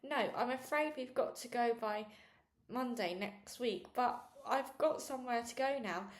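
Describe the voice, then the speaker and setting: A woman's voice: a little high, a little slow, lightly acted. A woman reading as a tender, worried dad. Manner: tender, coaxing, says darling and pet. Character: kind, worried working-class dad. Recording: echoey room.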